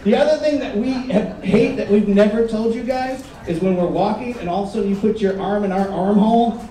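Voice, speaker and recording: High-voiced man doing live stand-up. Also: brisk. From Michigan. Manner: animated storytelling, acts out voices. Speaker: stand-up comedian. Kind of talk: stand-up comedy set. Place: resort comedy stage. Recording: roomy live stage audio, heard from a distance. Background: audience laughter.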